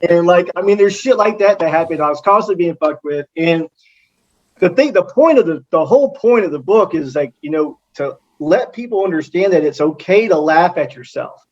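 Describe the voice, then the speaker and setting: Rambling high-voiced guest from Texas. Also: male voice, lively intonation, normal speed, darkish tone, highs cut off. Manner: rambling, heavy on fillers, laughs often. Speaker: podcast guest. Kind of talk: casual chat.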